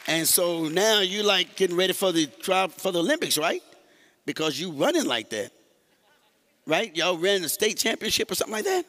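A man's voice: high-pitched, sing-song, normal speed, a bit bright, some chatter behind, a little hiss or hum. A male pastor teaching a sermon in a church, talking conversationally to the congregation and often repeating and restarting words. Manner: speaks directly to the congregation.

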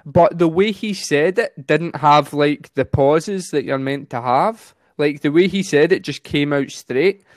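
A comedian in casual chat, talking very fast and laughing easily. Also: male voice, on the high side, dry recording, clean studio sound.

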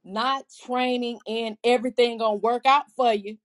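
A woman's voice: a little high, fairly even intonation. A woman co-hosting a casual faith podcast, speaking earnestly, restarting her sentences and quoting scripture aloud. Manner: earnest, talks in halting restarts, quotes scripture. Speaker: podcast co-host.

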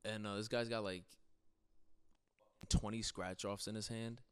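Speaking a little slowly with a lowish, smooth voice and flat delivery, this podcast host shares stories of a trip with friends. He's easygoing and foul-mouthed, chuckling as he tells them.

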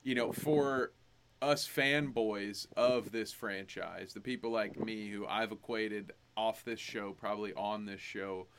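A man's voice: lowish voice, steady tone, unhurried, background noise. A young adult man co-hosting a podcast, talking animatedly and rambling about a horror film, laughing often. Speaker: podcast co-host. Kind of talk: casual movie review chat.

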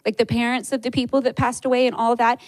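Higher-voiced woman giving a testimony. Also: level tone, fast, no echo, low-quality recording. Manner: conversational, frequent fillers. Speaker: church speaker sharing a testimony. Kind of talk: personal testimony sermon.

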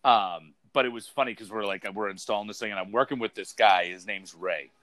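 A man in a casual chat, telling an animated story full of fillers and the word dude. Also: lowish voice, fairly quick, no room sound.

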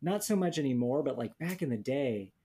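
A young man talks casually on a podcast with a dark, mellow voice. He tells stories bluntly and sardonically. He swears freely and mimics the people he describes. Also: medium pitch, expressive, a little fast, breathy edge. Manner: blunt, profane, sardonic storytelling with mocking quoted voices. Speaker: podcast co-host. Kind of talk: casual chat.

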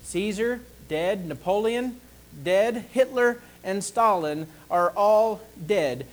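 A man preaching a sermon, slow and deliberate, pausing to ask the congregation for an amen. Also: sits high, animated, low-quality recording.

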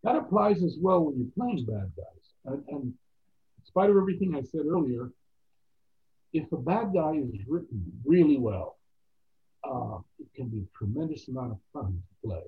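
A man telling stories as an actor guest in a casual interview, animated and quoting other people's voices. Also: fairly high pitch, normal speed, breathy edge. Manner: animated anecdotes with quoted voices. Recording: tinny phone-like line.

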